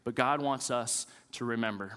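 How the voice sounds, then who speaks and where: A man's voice: mid-range voice, moderate pace, bright, forceful tone, clean tone, long reverb tail. A man in his thirties, a pastor preaching a sermon with casual, joking stories about family life.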